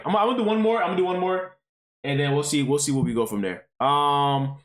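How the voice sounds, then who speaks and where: Lively profane man reacting on stream. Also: mid-range voice. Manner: profane, rambling, exclaiming. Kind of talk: reading and reacting to online posts on stream.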